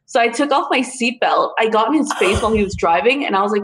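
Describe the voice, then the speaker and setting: A woman's voice: on the high side, lively intonation, quick pace, fairly bright tone, slight background noise. A young woman telling a story in casual chat, blunt and full of swearing.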